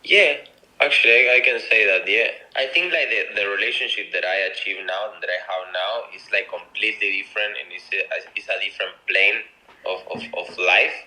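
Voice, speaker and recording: A man from Argentina with a thick Argentine Spanish accent, a guest chatting playfully, halting and repeating words. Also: fairly low pitch, sharp tone. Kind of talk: casual chat. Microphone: video call. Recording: tinny video call audio.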